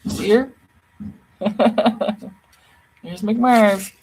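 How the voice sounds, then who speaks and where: A woman livestreamer, tired, rambling along in easy, playful chat with her viewers. She talks at an unhurried, drawn-out pace in a voice of ordinary middle pitch. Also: darkish tone, a little hiss or hum, rough recording.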